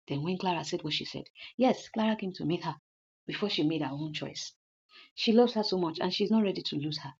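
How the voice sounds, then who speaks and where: A woman's voice: on the low side, a little fast, slightly rough. A woman retelling a drama story in a loose, chatty narration, often repeating her lines. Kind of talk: casual story recap. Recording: dull lo-fi recording.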